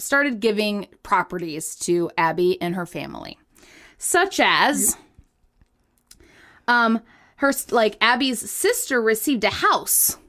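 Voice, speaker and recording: A woman co-hosting a podcast, telling a story in a giggly, animated casual chat. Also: on the high side. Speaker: podcast co-host.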